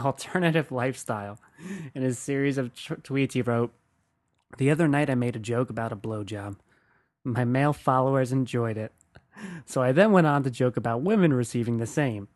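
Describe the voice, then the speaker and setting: Young man, solo podcast host, crude rambling comedy, swears a lot, chuckles at own jokes, dry close sound, mid pitch. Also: no echo. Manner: rambling, profane, laughing at his own jokes. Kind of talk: casual comedic monologue.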